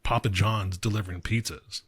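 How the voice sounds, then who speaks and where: A man co-hosting a casual podcast, telling a story in a relaxed way with swearing and laughs. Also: lowish voice, normal speed, breathy edge. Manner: laid-back, swears, laughs through stories. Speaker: podcast co-host.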